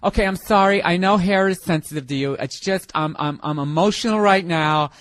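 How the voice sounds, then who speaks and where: A man's voice: very high-pitched, expressive, moderate pace, a bit bright, voice pushed up. A man voicing a nagging, self-pitying wife who whines and keeps tacking on "okay?". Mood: whiny nagging. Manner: whiny, wheedling, repeats "okay?".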